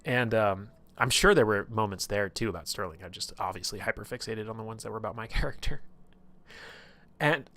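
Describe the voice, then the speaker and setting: A man's voice: lowish voice, normal speed, gravelly, fairly bright tone. A man casually recapping his tabletop campaign on a stream, rambling and full of filler words. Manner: rambling, filler-heavy, lots of "like".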